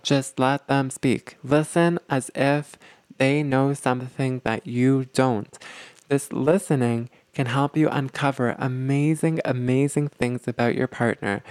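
Gravelly-voiced relationship teacher, dry close sound, keeps asking okay?. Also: medium pitch, a little mellow, no room sound. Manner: checks in with "okay?" often. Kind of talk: explanatory lesson talk.

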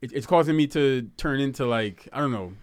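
A man's voice: medium pitch, brisk, no room sound, studio quality. A man with a lisp hosting a casual group chat, laughing easily and repeating words as he searches for phrasing.

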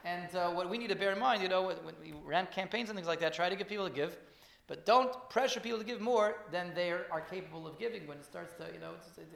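A man's voice: a little high, vocal fry, fairly bright tone, echoey room. A man giving a Torah class, telling stories in a loose, conversational way with many restarts and repeated words. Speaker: Torah teacher.

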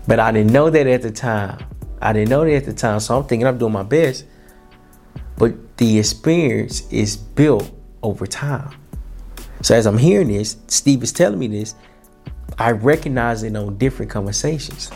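A young man hosting a podcast, speaking earnestly and casually about experience and self-worth at a mid-range pitch. He restarts and repeats phrases as he talks, and a faint bed of music runs underneath. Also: moderate pace, darkish tone. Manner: earnest, repeats himself, colloquial. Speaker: podcast host. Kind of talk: motivational talk.

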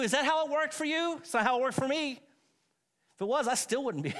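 A man's voice: very high-pitched, lively intonation, brisk, a bit bright. A middle-aged man preaching a sermon as pastor, telling stories with self-mocking humor and frequent laughs.

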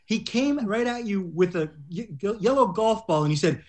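A woman's voice: mid-range voice, lively intonation, normal speed, a little mellow. A woman in casual banter, playful and teasing.

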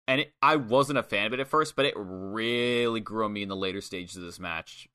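A man's voice: on the low side, a little fast, bright, forceful tone, smooth. A young man co-hosting a podcast, recapping a wrestling match play by play in casual chat and swearing freely. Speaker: podcast co-host.

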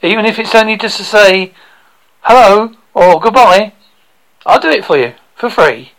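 Gravelly-voiced Devon man hosting. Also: sits high, animated, a little fast, fairly bright tone, rough recording. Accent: Devon English. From England. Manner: joking, chatty storyteller. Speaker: radio show host. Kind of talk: casual interview chat.

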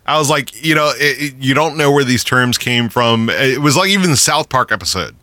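A man hosts a loose podcast chat with a bright, forward voice, cursing freely and laughing through his rants. The sound is close and dry, with no room around it. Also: medium pitch, lively intonation, fairly quick, no echo. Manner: profane, ranting, laughs often. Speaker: podcast host.

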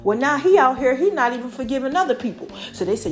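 A woman hosting a podcast, preaching on scripture in a casual, animated way and often checking in with her listeners. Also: fairly high pitch, fairly quick, faint music behind. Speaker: podcast host.

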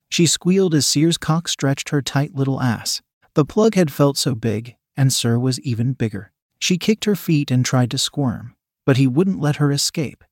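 A man reading a story aloud as narrator, steady. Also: mid-range voice, moderate pace, dry recording, clean studio sound.

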